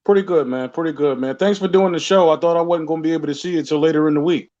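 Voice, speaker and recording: A man's voice: on the high side, fairly even intonation, rapid-fire, a little mellow, highs cut off. A man calling in to a sports talk show, talking casually and rambling, repeating words and restarting his sentences. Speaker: caller. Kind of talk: casual call-in chat.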